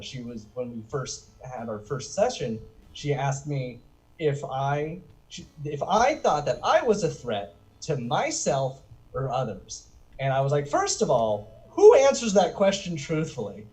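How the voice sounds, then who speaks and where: A man's voice: mid-range voice, moderate pace, poor audio. A man doing a rambling, self-deprecating stand-up set. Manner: rambling, self-deprecating delivery with lively swings. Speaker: stand-up comedian. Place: virtual comedy show inside a video game.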